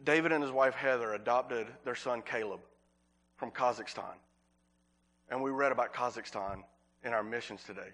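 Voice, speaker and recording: A man preaching a sermon as pastor, earnest, repeating words for emphasis and slowing on key phrases. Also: mid-range voice, fairly bright tone.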